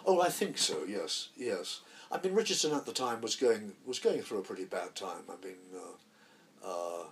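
This man's voice is fairly low, expressive and creaky, moving at a normal speed. He's an actor in his eighties giving an interview, telling rambling theatre stories full of restarted sentences.

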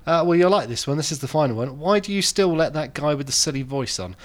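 A man with a slightly high voice talks fast with lively intonation. As a podcast co-host in casual chat, he teases his partner and reads out listener questions.

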